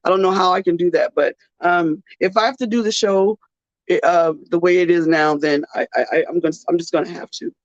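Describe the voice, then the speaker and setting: A woman's voice: fairly low pitch, steady tone, dry recording. A tired woman hosts a faith-based talk show, stumbling through restarts and fillers as she holds back tears. Her voice comes through a dull, lo-fi phone recording with a dry, close sound. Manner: halting, many restarts and fillers. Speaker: radio show host.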